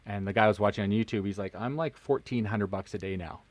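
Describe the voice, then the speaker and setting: A man's voice: on the low side, quick pace, no room sound. A man co-hosting a live podcast from home, chatting casually and joking as he thinks aloud. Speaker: podcast co-host. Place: home in Japan, streaming live.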